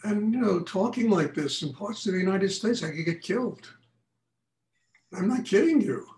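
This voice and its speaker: A man's voice: sits high, normal speed. Frank older man teaching in echoey room. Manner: frank, animated storytelling. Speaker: meditation teacher. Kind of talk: lecture and Q&A after meditation. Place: meditation class room.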